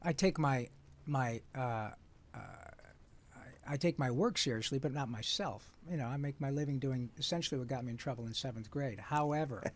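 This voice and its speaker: A man in his sixties, from Michigan, telling stories with real animation and now and then slipping into playful voices. His voice sits at an ordinary pitch for a man. He sounds like a seasoned voice actor chatting as a guest. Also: fairly quick. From Michigan, USA. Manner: lively storyteller, slips into playful character voices. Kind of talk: animated storytelling in conversation.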